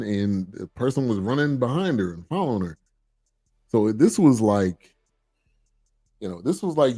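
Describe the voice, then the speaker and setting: A man hosting a podcast, agreeing often and explaining in a steady, casual way. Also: medium pitch, no echo. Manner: agreeable, steady explaining with frequent "right" and fillers. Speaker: podcast host. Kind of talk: casual chat.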